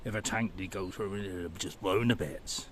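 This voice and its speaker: A man's voice: deep voice, moderate pace, a little hiss or hum, voice pushed down, lightly acted. A man voicing a friendly old countryman who talks in a plain, rustic, matter-of-fact way.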